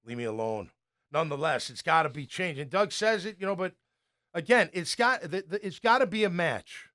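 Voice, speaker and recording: High-voiced ex-player sports talk host. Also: male voice, brisk. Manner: animated storyteller, acts out coaches' yelling.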